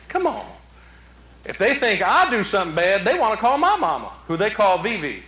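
A man's voice: sits high, huge pitch swings, moderate pace, sharp tone, reverberant. A man preaching a folksy sermon in a church, talking conversationally with repeated rhetorical questions. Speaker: pastor. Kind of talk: folksy Mother's Day sermon. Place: church sanctuary.

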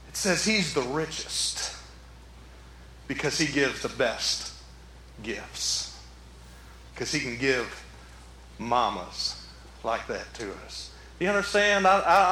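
A man's voice: a little high, pushed and bright, echoey room. A man preaching a folksy sermon in a church, talking conversationally with repeated rhetorical questions. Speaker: pastor. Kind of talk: folksy Mother's Day sermon. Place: church sanctuary.

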